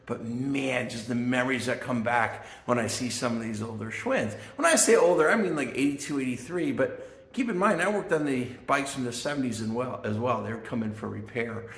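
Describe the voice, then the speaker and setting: A man's voice: mid-range voice, a little fast, fairly bright tone. Chatty older man in an echoey room. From Chicago area. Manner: chatty and self-deprecating, with fillers and asides. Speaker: vintage bike collector and channel host. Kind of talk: casual show-and-tell vlog. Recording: echoey room with faint guitar music.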